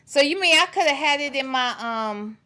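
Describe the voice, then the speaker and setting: A woman's voice: high-pitched, lively intonation, normal speed, bright, forceful tone, a little hiss or hum. A middle-aged woman hosting a casual livestream, greeting viewers by name and reading their comments aloud in a chatty, playful way. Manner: chatty and playful, laughs freely. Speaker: livestream host.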